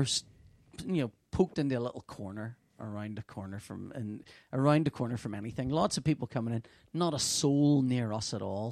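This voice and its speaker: A man's voice: on the low side, gravelly, darkish tone, no room sound. A middle-aged man, a comic artist, chatting casually and telling stories animatedly, stammering and laughing often. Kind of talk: casual podcast chat.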